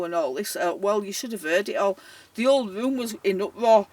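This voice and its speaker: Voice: medium pitch, normal speed, no room sound. A care worker telling a personal story casually, acting out the voices in it. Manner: animated, dialect-heavy, often laughing, acting out the voices in the story. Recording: voice a little distant from the mic.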